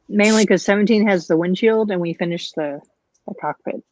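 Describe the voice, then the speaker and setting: A woman co-hosts a live building stream in an easygoing, friendly chat and laughs often. Her voice is mid-pitched and sounds dry and close. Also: normal speed, a little mellow, no room sound, dull audio. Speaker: co-host. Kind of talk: casual chat while building.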